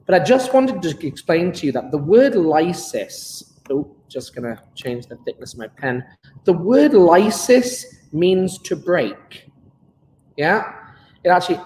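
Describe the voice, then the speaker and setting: A male chemistry teacher giving a live online lesson in a chatty way, repeating key words slowly for students taking notes. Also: a little high, a little mellow, reverberant, long reverb tail, poor audio.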